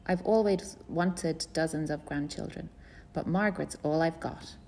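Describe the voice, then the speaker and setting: A woman reading aloud puts on an elderly grandmother, proper and devout, who states her views as settled fact. The voice rides a bit higher than the reader's own low, gravelly tone, with creak still under it. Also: unhurried, darkish tone, slight background noise. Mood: insistent. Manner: firm, matter-of-fact. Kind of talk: audiobook character voice.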